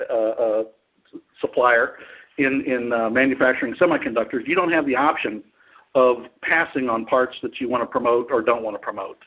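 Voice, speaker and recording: A male executive being interviewed, answering in a measured, explanatory way with frequent fillers. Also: medium pitch, lo-fi sound. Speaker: industry executive guest. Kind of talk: business interview.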